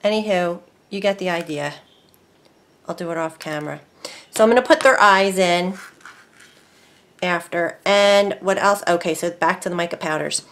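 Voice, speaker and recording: A woman hosting a casual crafting tutorial, chatty and easily excited, talking to herself as she works. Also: on the low side, normal speed, pauses often. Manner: chatty, excitable, talks to herself while working. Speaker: craft video host.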